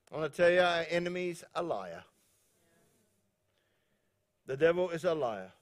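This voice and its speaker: A high-voiced man from New Zealand preaching a sermon. He jokes and rambles, laughs often and keeps restarting his sentences before he settles back into scripture. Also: lively intonation, normal speed, pauses often. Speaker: pastor.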